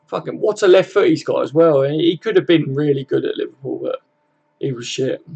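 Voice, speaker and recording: Gravelly man hosting a late-night fan stream. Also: a little high, a little fast, a little mellow, lo-fi sound. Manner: laid-back, swears freely, chuckles often. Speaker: football fan live-stream host. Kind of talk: casual live-stream chat, reading comments aloud.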